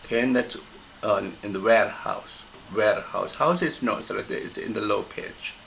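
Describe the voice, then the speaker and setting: An English pronunciation teacher explains a recorded lesson in a heavily gravelly, creaky voice that is fairly low yet fairly bright. He halts and restarts often while searching for words, and the rough recording carries a faint hiss beneath him.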